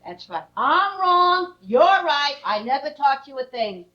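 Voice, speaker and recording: A woman playing a brassy, energetic middle-aged mother who talks theatrically. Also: high voice, moderate pace. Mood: defensive. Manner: theatrical, exclaiming. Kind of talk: stage play acting. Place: theater stage. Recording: dull lo-fi echoey stage recording.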